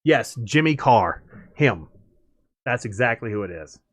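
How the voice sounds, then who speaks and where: Streamer, male, rambling casual chat, mid-pitched voice, dry close mic. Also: expressive, unhurried, dry recording. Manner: rambling, chatty, laughs often. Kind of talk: casual chat while gaming.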